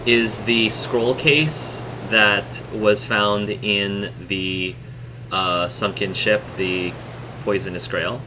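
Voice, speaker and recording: Brief: halting, low-pitched male game master narrating a tabletop session over a noisy hum. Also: fairly even intonation. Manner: halting, many ums and restarts.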